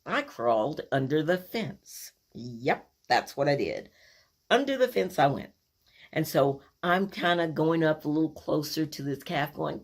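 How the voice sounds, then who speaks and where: A woman telling a personal family story, animated and acting out the scenes as she goes. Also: deep voice, unhurried.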